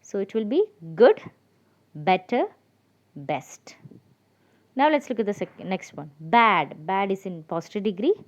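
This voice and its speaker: A woman with a mid-pitched voice teaches a grammar lesson, patient and methodical. She spells words out one letter at a time and pauses with small fillers. The recording sounds a little dull and lo-fi. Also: expressive. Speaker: English teacher.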